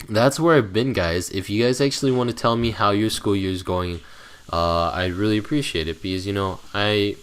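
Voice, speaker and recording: Teen male channel host, deep voice, loose irritable ramble full of ums and uhs. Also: a bit bright. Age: teens. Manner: rambling, hesitant with many fillers; irritable, grumbling. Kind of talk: casual chat to viewers.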